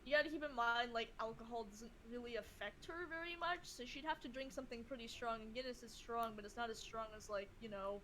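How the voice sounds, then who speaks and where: Giggly woman artist, a bit high-pitched, chatting about her characters. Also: a little fast, hardly any pauses, bright, forceful tone, a little hiss or hum, rough recording. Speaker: guest artist. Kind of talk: casual chat on a live art stream.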